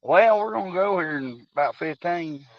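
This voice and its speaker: A man's voice: high-pitched, expressive, normal speed, dry recording, highs cut off. A man hosting a fishing vlog, chatting casually in a laid-back, joking drawl. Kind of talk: casual chat.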